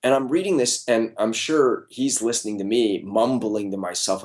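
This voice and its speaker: A man being interviewed, telling an animated, casual anecdote full of fillers and swearing. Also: fairly low pitch, moderate pace, few pauses. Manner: animated storyteller, fillers and profanity. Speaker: comic book artist interviewee.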